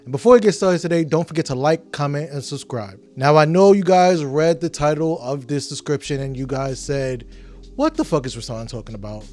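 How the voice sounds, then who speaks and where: A man's voice: a little high, normal speed, few pauses, a little mellow, faint music behind. A man hosting a podcast, delivering an emphatic, profane, heated opinion rant. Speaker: podcast host.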